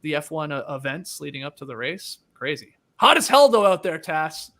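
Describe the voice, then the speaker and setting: A man's voice: on the high side, very animated, normal speed, a bit bright. A man hosting a casual sports podcast, upbeat and chatty, laughing often. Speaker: podcast host.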